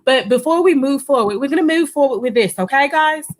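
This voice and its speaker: A woman voicing a theatrical, globe-trotting substitute host with a fairly high voice, teasing her co-host in playful live-stream banter. Her accent drifts from one place to another as she talks. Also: animated, a little fast, heavy background noise. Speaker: stand-in host of an online reading night.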